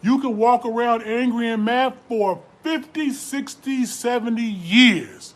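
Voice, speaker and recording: A man's voice: sits high, measured pace, hardly any pauses. A man preaching motivation, quoting scripture and urging listeners to change their lives. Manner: exhorting, quotes scripture, rising emphasis.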